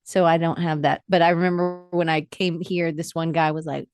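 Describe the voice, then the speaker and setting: A woman from Atlanta, guesting on a podcast, with a lowish voice recorded dry and close. She tells lively stories and acts out what people said. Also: moderate pace, smooth, dry recording, soft background music. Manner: lively storyteller who acts out quoted dialogue. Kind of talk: casual conversation.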